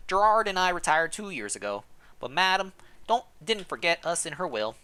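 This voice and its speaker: A man voicing a kindly, chatty old woman housekeeper in a game, in a high fluttery put-on voice. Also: sing-song, normal speed, bright, forceful tone, smooth, full character voice.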